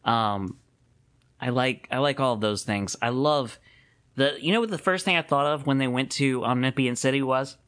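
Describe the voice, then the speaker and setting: Chatty male podcast co-host. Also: medium pitch. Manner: animated, quick to laugh, lots of restarts. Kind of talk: casual chat.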